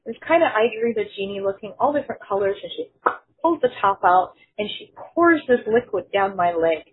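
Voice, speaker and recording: A woman's voice: mid-range voice, animated, fairly quick. A woman sharing a personal testimony in an earnest storytelling manner, quoting others in her own voice. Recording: phone-like narrow sound.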